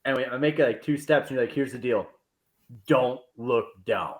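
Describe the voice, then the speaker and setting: A young man casually telling a story among friends on a podcast, laughing and swearing as he gets excited. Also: mid-range voice, moderate pace. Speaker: podcast co-host.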